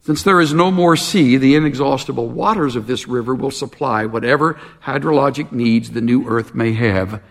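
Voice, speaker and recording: A man preaching a sermon in an earnest, measured way, dropping low for emphasis. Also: in a large hall. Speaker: pastor.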